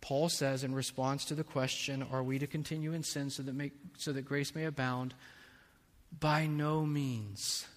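A man preaching a sermon as a pastor, slow and measured, building to impassioned stretches. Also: medium pitch, flat delivery. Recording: long reverb of a large hall.

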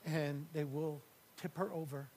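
High-voiced preacher, hushed then booming. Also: male voice, fairly even intonation, a little slow, slight background noise. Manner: dynamic preacher, swings from hushed near-whispers to loud shouted climaxes. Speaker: pastor. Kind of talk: sermon.

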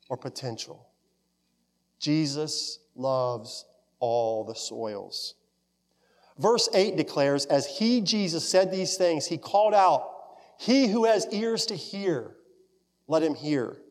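Pastor guy giving a sermon, kinda higher voice, swells up then goes quiet, big echoey church. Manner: earnest, rising to fervent emphasis then dropping soft. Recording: long reverb of a large hall.

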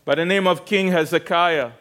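A man's voice: high voice, normal speed, fairly bright tone. A man preaching a sermon, retelling a story with rhetorical questions to the congregation and frequent restarts. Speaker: pastor.

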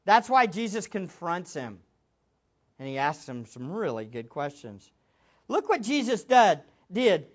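A man's voice: sits high, sing-song, measured pace, muffled recording. A man preaching a sermon as a pastor, emphatic, with much repetition for stress.

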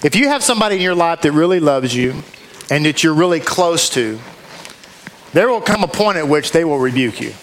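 High-voiced man preaching a sermon. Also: sing-song, brisk, a little hiss or hum, poor audio. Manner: emphatic, rhetorical questions to the congregation. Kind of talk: sermon with scripture reading. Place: congregation with a control booth.

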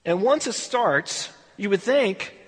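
A man teaches scripture in a relaxed, conversational manner, slipping into little acted exchanges as he tells the story. His voice sits high and slightly husky. The sound carries a long, echoing room reverb. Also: takes it slowly. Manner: casual, storytelling with acted dialogue. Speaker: Bible teacher. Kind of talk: verse-by-verse Bible study. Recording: echoey hall.

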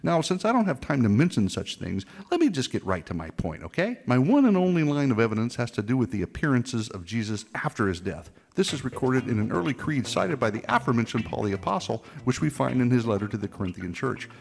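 A man's voice: medium pitch, sing-song, quick pace, creaky, hardly any pauses, in a large hall. A man giving scripted narration with playful, mock-regretful asides and showy alliteration. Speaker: apologetics video narrator.

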